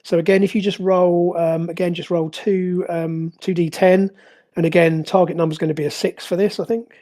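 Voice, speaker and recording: A game master narrating a tabletop game, pausing often with fillers and restarts. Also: medium pitch, flat delivery, warm tone. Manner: hesitant, many fillers and restarts.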